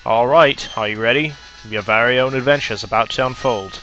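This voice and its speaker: Guy doing a hammy aussie pokemon professor, loud and cheery, bright voice, kinda muffled recording. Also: brisk, soft background music, natural voice. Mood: excited. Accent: put-on Australian. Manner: hearty, booming, theatrical. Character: cheery male Pokemon professor, middle-aged, enthusiastic.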